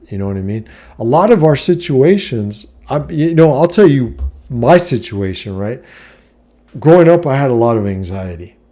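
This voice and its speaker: Blunt, profane middle-aged man with a mellow voice. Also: mid-range voice. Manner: blunt and profane, heavy "you know what I mean" filler. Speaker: vlogger giving life advice. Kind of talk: casual monologue to camera.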